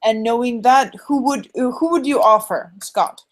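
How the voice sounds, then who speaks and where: Female panelist, slightly high voice, outspoken and emphatic. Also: moderate pace, background noise. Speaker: podcast panelist. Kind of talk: casual podcast discussion.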